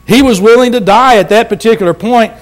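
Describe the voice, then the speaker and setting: A man preaching a sermon as pastor, earnest and slowing down to stress words. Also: very high-pitched. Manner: earnest, slows down for emphasis.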